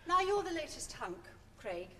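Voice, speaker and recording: A woman hosting a TV interview, with a bright, teasing manner. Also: sits high, very animated, moderate pace, a crowd in the background. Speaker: TV talk show host. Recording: distant, noisy old TV recording.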